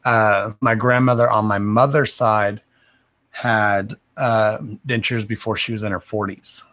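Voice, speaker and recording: A man in his thirties with a somewhat low voice who mumbles his words. He talks in a loose, rambling, foul-mouthed way, like someone chatting live to viewers while reading cards. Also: steady tone, measured pace, a bit bright. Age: 30s. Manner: profane, rambling and self-deprecating. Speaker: card reader. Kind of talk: casual livestream chat.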